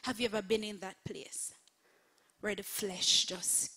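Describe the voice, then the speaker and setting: A woman minister preaching an online sermon, swinging from hushed whispers to shouts. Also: medium pitch, little pitch movement, a little slow, husky. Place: home setup, streaming online.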